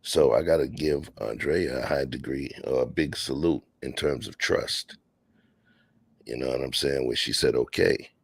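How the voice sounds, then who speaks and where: A man's voice: a bass voice, normal speed, husky, dry recording. A man hosting a casual late-night podcast, laid-back and slangy, talking from home. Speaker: podcast host. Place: home, near a patio door.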